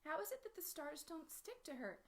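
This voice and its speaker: A woman voicing a small, discouraged wooden puppet boy in a storybook retelling, sounding dejected and low. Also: sing-song, brisk, fairly bright tone, exaggerated voice. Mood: puzzled.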